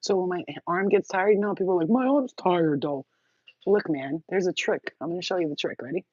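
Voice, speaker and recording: A woman's voice: fairly low pitch, fast, no room sound, lo-fi sound. A woman vlogger rambling bluntly to the camera, crude and laughing often. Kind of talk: casual rambling monologue.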